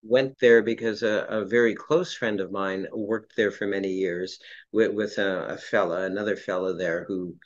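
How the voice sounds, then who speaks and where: Low-voiced man reminiscing, dull lo-fi sound. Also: fairly even intonation, moderate pace. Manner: rambling, searching for names and dates. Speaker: interviewer. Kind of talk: reminiscing interview chat.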